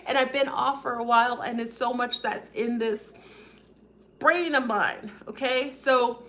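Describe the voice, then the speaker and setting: A woman hosting a casual livestream, talking fast and rambling with many fillers while addressing her viewers directly. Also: on the high side, fairly bright tone. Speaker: livestream host.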